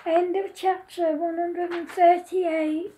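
Very high-voiced woman reading her story. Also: flat delivery, takes it slowly, dark tone, slight background noise, rough recording.

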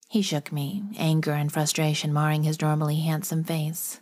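Woman, low pitch, first-person audiobook narration, steady, clear. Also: normal speed, few pauses.

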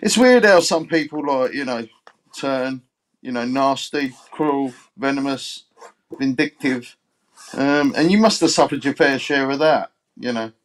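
A man's voice: medium pitch, unhurried, a little hiss or hum. A man chatting casually as a livestream guest, rambling and hesitant with lots of fillers.

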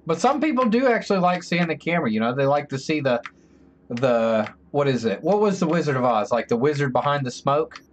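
A male streamer riffing through live gameplay commentary, excitable and full of jokes. His voice sits slightly high and swings widely in pitch as he talks. There is a faint hiss behind him. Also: a little fast. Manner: excitable, joking, chatty.

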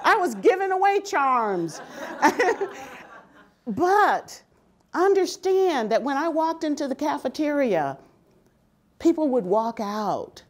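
Lively older woman telling stories unhurriedly. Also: sits high, slow, long pauses. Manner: animated, laughs often. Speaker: speaker. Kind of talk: personal storytelling talk.

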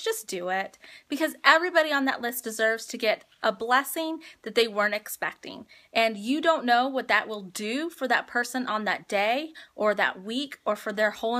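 A woman's voice: fairly high pitch, pushed and bright. A woman hosting a live phone stream, chatting heartfelt and rambling with viewers as she announces giveaway winners. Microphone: phone livestream.

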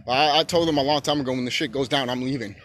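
A man ranting on his own channel in a loose, profane monologue. His voice keeps swinging into emphatic shouting. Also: medium pitch, very fast, a little hiss or hum. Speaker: YouTube channel host.

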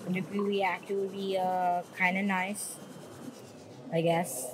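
Woman, gaming commentary, rambling, swearing, jumpy, clear background noise. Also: lowish voice, little pitch movement, takes it slowly. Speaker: gaming YouTuber. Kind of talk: casual gameplay commentary.

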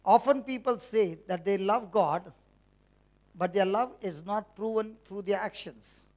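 A man's voice: sits high, unhurried, darkish tone. A man preaching a conversational sermon to a church meeting, teasing the congregation with questions.

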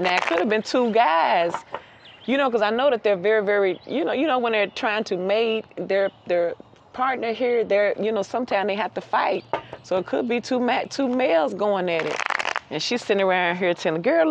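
A woman giving a casual outdoor tarot reading, lively and chatty, laughing often and repeating phrases for emphasis. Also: medium pitch, muffled recording, noisy background. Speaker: tarot reader.

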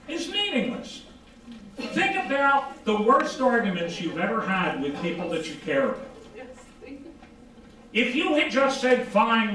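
A man giving an informal psychology lecture, animated, asking rhetorical questions and answering them himself. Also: high-pitched. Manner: acts out quoted dialogue. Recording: very echoey room from far off.

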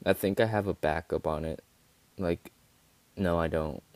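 Brief: low-pitched male gamer, rambling and profane, exasperated commentary, dry close sound. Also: fairly even intonation, measured pace, no room sound. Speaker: gaming video creator. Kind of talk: casual gameplay commentary.

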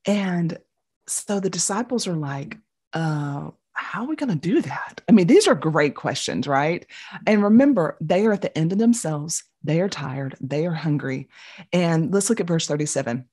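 A middle-aged woman teaching a Bible study, telling the story with animated voices for the people in it. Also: deep voice, normal speed, slightly rough.

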